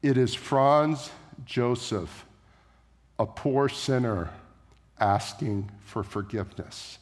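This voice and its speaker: A man's voice: a little high, sing-song, fairly bright tone, pitched above the performer's own voice, exaggerated voice. A man proclaiming as a solemn herald. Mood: humble. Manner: slow, formal proclaiming. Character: solemn male master of ceremonies at a funeral. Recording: echoey church hall.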